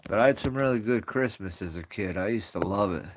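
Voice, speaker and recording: A man's voice: fairly low pitch, a little fast, slight background noise. A man hosting a casual live stream from home on his phone, rambling and greeting viewers as they join. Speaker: livestream host.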